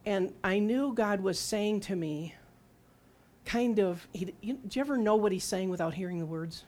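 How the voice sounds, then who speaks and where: At medium pitch and a moderate pace, a woman in her sixties speaks with a darkish tone. Her sermon is a conversational testimony: she quizzes her listeners and plays out quoted speech, giving voice to her own words and to God's.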